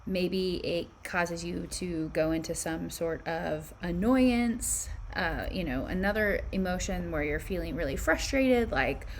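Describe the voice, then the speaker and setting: A woman teaching spirituality, leading listeners through a guided visualization with calm, reflective questions. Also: fairly low pitch, a little slow, hardly any pauses, slight background noise.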